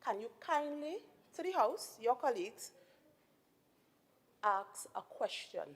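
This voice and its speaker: A woman's voice: a little high, animated, takes it slowly, slight background noise. A woman presiding over a legislative sitting, speaking firmly and formally as she admonishes a member. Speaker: presiding officer. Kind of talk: chairing a parliamentary sitting. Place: legislative chamber. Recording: reverberant assembly hall.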